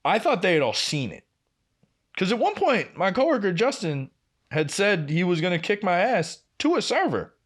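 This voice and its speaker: Young male podcast co-host, slightly high voice, lively swooping delivery, swears freely while spinning an anecdote. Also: normal speed. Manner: animated, profane anecdote-telling. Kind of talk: casual storytelling chat.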